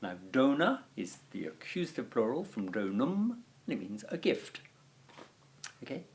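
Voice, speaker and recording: A man's voice: mid-range voice, big pitch swings, normal speed, slight background noise. A man teaching a Latin lesson on video, explaining step by step with chatty fillers.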